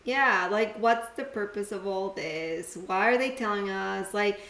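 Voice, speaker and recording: A woman's voice: mid-range voice, a little slow, a bit bright, roomy sound. A woman co-hosting a casual podcast chat, agreeable and musing aloud. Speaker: podcast co-host.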